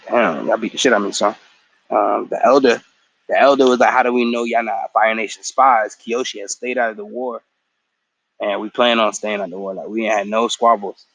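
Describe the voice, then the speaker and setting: After a work shift, a tired man recaps a show episode casually, slangy and profane, acting out the characters' lines as he retells the story. His voice is lowish, creaky, fairly bright and breathy, and the audio quality is poor.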